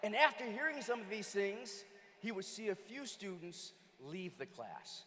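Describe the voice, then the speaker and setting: A man giving an energetic motivational keynote, firing questions at the audience and often raising his voice to a shout. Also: high-pitched, measured pace. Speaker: keynote speaker. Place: large convention hall. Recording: long reverb of a big hall.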